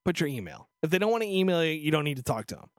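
Animated, profane man ranting. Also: fairly high pitch, racing, no echo, clean studio sound. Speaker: podcast co-host. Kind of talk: casual chat.

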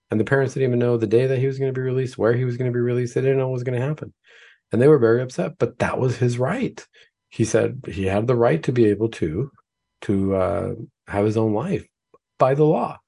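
Gravelly, husky man explaining earnestly. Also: medium pitch, quick pace, mellow. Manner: earnest, explanatory, quotes imagined speakers. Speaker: psychiatrist and radio show host. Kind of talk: talk show monologue with case stories.

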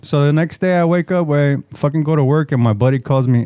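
A man's voice: fairly high pitch, brisk, mellow, smooth, no room sound, studio quality. A man telling a rambling, profanity-heavy story in casual chat, slipping into Spanish slang. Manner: rambling, swears a lot, mixes Spanish slang. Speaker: podcast co-host telling a story.

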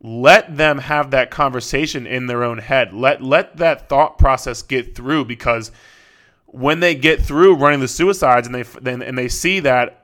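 A young man hosts a fitness podcast in a loose, rambling monologue. He swears freely and restarts his sentences often, padding them with fillers. His voice sounds bright and forward. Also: mid-range voice, a little slow. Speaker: fitness coach and podcast host.

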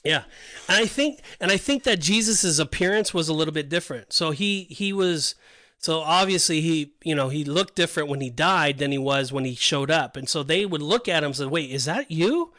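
Bright-voiced man discussing scripture. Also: on the high side, fairly quick, no echo. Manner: rambling, restarts often, explains with scripture references. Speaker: podcast co-host. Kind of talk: casual Bible discussion.

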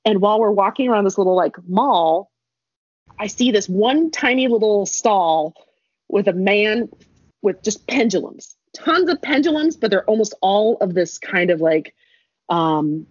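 Husky young woman rambling thru a story, laughs a lot, dull dry mic. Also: medium pitch, lively intonation, moderate pace, a little mellow, no room sound. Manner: chatty, laughing, rambling with many asides. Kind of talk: casual storytelling chat.

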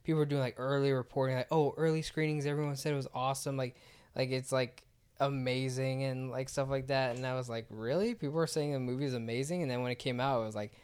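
Guy w a smooth clear voice, rambling casual movie chat, says like a lot. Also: mid-range voice, fairly even intonation, fast talker, a little mellow. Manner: rambling, heavy use of "like".

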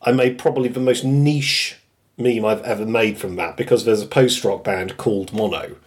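A man's voice: on the low side, moderate pace. A man with a British accent hosting a podcast in casual chat, working through a list and laughing often as he goes. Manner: chatty, laughs often while listing quotes. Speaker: podcast host.

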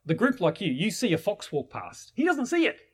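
A man's voice: sits high, wildly swooping pitch, fairly quick, slightly rough. A man teaching permaculture in an enthusiastic, rambling way, with many restarts. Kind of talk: informal teaching talk.

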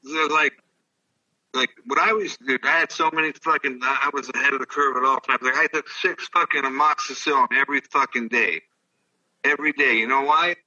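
Recorded from a distance in lo-fi sound, the older ex-baseball player talks in a mid-range voice that's pushed and bright, moving a little fast. As a guest in a casual chat, he tells meandering stories full of profanity.

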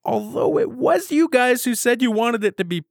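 Young male director, stammers when excited, lively pitch, dry close sound. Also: moderate pace, gravelly, no room sound. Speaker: amateur film director. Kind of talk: casual banter.

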